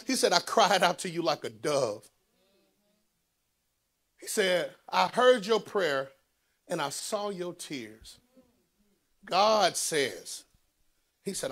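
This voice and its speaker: Preacher, man, fairly high voice, surges loud then drops to a hush. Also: expressive, a little slow, husky. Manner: preaching with sudden loud rises and low hushed asides. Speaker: pastor. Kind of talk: sermon.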